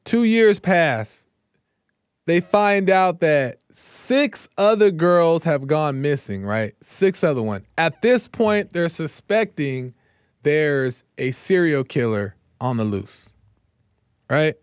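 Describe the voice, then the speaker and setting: Smooth-voiced man telling a story casually. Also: on the high side, lively intonation, takes it slowly, no room sound, studio quality. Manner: conversational, keeps checking in with "right?". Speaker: host. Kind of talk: casual true-crime storytelling.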